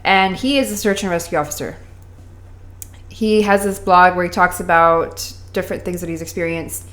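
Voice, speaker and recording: Relaxed, low-pitched female co-host. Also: normal speed. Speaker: podcast co-host. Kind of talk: casual storytelling chat.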